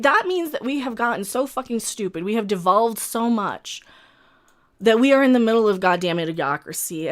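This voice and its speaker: Angry woman streamer yelling at her chat, voice jumps high and low all over. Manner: furious, profane, shouting at chat trolls. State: grieving, agitated. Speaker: live stream host. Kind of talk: angry live-stream rant.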